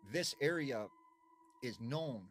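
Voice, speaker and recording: A man in a relaxed, explanatory way introducing a spooky place. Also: medium pitch, slow pace, slight background noise. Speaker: storyteller. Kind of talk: casual spooky storytelling.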